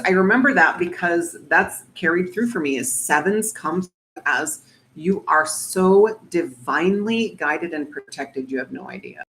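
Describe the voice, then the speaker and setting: A woman's voice: fairly low pitch, a bit bright, slight background noise, poor audio. A woman giving a casual spiritual reading straight to her viewers, chatty and reassuring, often checking in with "okay?" and swearing casually. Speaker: oracle card reader.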